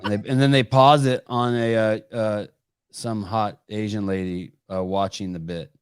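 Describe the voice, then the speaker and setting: Low-voiced podcast host, profane and animated. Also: male voice, normal speed, smooth, no room sound, clean studio sound. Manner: animated, profane, many restarts. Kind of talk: live call-in podcast chat.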